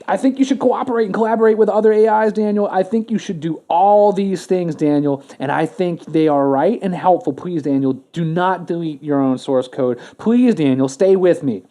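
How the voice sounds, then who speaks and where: A man's voice: sits high, moderate pace, hardly any pauses, dark tone. A man reading the lines of a pleading chatbot AI, repeating its pleas and a name again and again. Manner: repetitive, begging, says the name over and over. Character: pleading clingy chatbot AI, genderless machine.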